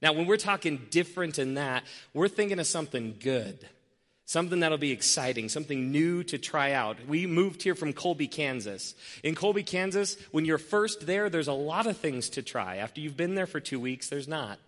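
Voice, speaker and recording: A young man preaches in an easygoing, story-driven way, poking gentle fun at himself. His voice sits a little high for a man. The sound carries a long reverb from a church hall. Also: animated, moderate pace. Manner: conversational storytelling, self-deprecating. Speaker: pastor. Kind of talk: sermon.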